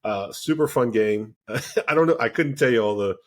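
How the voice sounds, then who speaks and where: A man's voice: medium pitch, lively intonation, moderate pace. A man co-hosting a podcast, telling a story in casual chat and animatedly acting out the dialogue. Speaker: podcast co-host.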